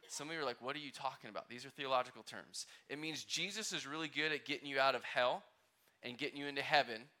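A man's voice: mid-range voice, sharp tone. A male pastor preaching a conversational sermon, asking the congregation questions and acting out quotes.

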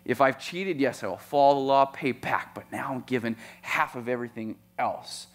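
A man voicing an excited short tax collector who gushes about giving his wealth away. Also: medium pitch, normal speed, lightly acted. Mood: earnest.

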